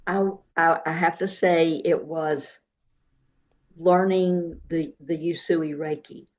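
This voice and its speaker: Slow, low-voiced woman. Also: fairly even intonation, highs cut off. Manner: unhurried, soft-spoken, with frequent restarts. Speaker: guest psychic and Reiki practitioner. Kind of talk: casual interview talk.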